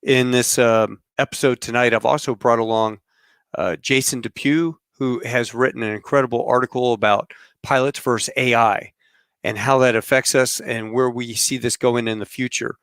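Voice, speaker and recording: A middle-aged man hosts a casual podcast, talking at an easy, rambling pace full of fillers and pilot shop talk. His voice is smooth and clear at a middle pitch, with a dry, close sound. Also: moderate pace, no room sound. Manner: relaxed, rambling with fillers and aviation slang. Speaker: podcast host.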